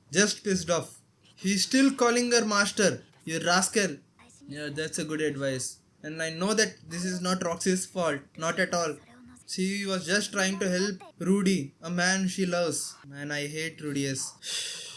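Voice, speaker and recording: A man's voice: sits high, fairly bright tone. A man with an Indian accent giving casual anime reaction commentary, talking back at the screen with strong emotion. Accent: Indian English.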